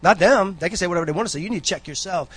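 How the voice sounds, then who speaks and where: A man's voice: high voice, racing, breathy edge. Rambling, folksy man exhorting a congregation. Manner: rambling, folksy, with frequent asides. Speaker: church member giving a talk. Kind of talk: casual church exhortation.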